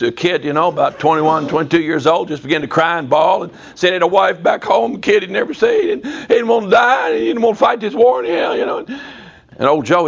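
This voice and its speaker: A man preaches a sermon to a church congregation in a folksy, storytelling way, rising to sudden emphatic bursts. His voice is husky and sits fairly high. The recording is dull and lo-fi. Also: fairly bright tone.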